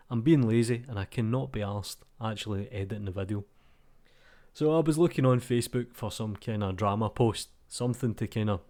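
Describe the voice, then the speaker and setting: Swearing freely and mocking himself, this Glasgow-accented Scottish YouTuber in his thirties, known for 3D tutorials, gives blunt, rambling vlog chat over a game. His voice is mid-range with a darkish tone.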